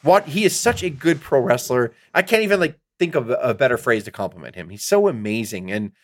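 A middle-aged man co-hosting a podcast in casual chat, rambling and excitable, swearing often as he talks. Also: mid-range voice, brisk, no room sound, studio quality. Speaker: podcast co-host.

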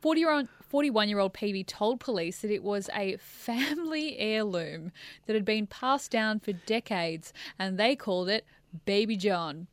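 A woman's voice: mid-range voice, animated, unhurried, no room sound. A woman co-hosting a casual chat, reading a story aloud from notes and laughing along. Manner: reads from notes, breaks into laughter. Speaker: podcast co-host reading a true story.

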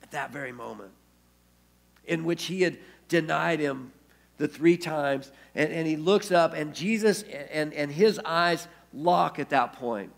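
Gravelly pastor preaching. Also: male voice, a little high, a little slow. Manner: storytelling, acts out quoted speech in the retelling. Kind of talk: sermon. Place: church.

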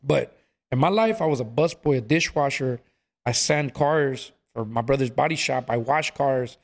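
Animated man telling stories, lots of "bro". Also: mid-range voice, moderate pace, vocal fry. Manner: animated storyteller, acts out quotes, says "bro" a lot. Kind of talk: casual storytelling chat.

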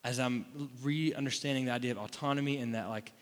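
A man's voice: mid-range voice, fast talker. A man from Florida preaching a sermon in a casual, conversational way, with asides and rhetorical questions to the room. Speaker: pastor. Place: church hall. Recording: long hall reverb.

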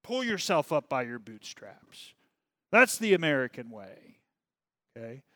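A man's voice: sing-song, unhurried, bright, forceful tone, no room sound. A man teaching a religious class, reading from a text and breaking off to comment, often asking "okay?" and "right?", his volume rising and falling. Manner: volume rises and falls widely, dropping low on asides.

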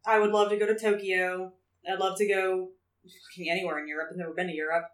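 A woman's voice: fairly low pitch, little pitch movement, fast talker, roomy sound, distant mic. A woman guesting on a podcast in casual chat, chatty and laughing easily, with casual swearing.

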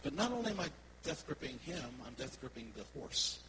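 A man, a worship pastor, preaching a sermon and telling personal stories in a conversational, animated way to his congregation. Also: fairly high pitch, fairly quick, slight background noise, poor audio.

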